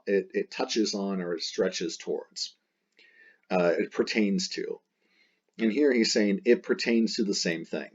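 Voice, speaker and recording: A man's voice: on the low side, a little mellow, breathy edge, dull audio. A man teaching a Latin text in a chatty, playful way, repeating and rephrasing as he explains.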